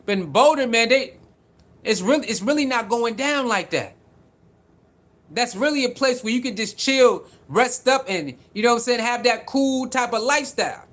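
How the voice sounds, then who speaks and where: A man with a high-pitched voice and streams casual sports commentary. He is animated and repeats himself for emphasis, calling out viewers by name as he reads their comments. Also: normal speed. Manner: animated, repetitive, talks straight to viewers.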